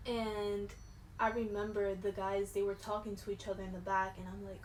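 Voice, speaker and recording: A young woman vlogger telling a storytime in casual slangy chat, animated, dropping to hushed tones and rising to shouts. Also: medium pitch, moderate pace. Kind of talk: storytime vlog. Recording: echoey room with faint noise.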